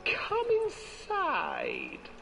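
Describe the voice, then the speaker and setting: A man voicing a cruel old witch in a game's storybook tale, crooning in a shrill, drawn-out way. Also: huge pitch swings, vocal fry, pushed and bright, slight background noise, full character voice. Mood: coaxing. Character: cruel cackling old witch, greedy and coaxing. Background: music.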